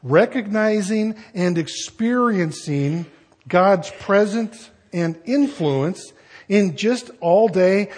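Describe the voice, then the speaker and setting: A middle-aged pastor preaching a sermon, husky, emphatic, slowing down and rising on key words. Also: male voice, high voice, lively intonation, darkish tone.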